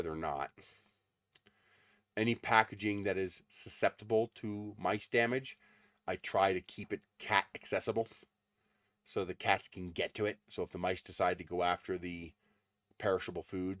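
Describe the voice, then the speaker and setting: A man's voice: low-pitched, steady tone, normal speed, fairly bright tone, no room sound, studio quality. A man hosting a casual livestream from his desert home, chatting in a rambling way with frequent ums. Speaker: livestream host.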